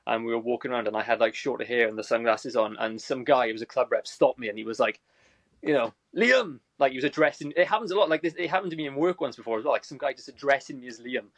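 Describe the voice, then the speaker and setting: A man with a Welsh accent from South Wales, a movie reviewer telling energetic stories as a guest on a video call. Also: medium pitch, rapid-fire, few pauses, dry recording. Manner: energetic storytelling. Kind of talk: casual chat.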